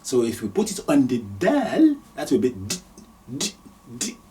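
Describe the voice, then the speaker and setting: A man's voice: mid-range voice, wildly swooping pitch, normal speed, dark tone, recorded from a distance, slight background noise. A man from Nigeria teaching Arabic letters step by step, patiently repeating each sound and chuckling now and then. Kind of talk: slow step-by-step lesson.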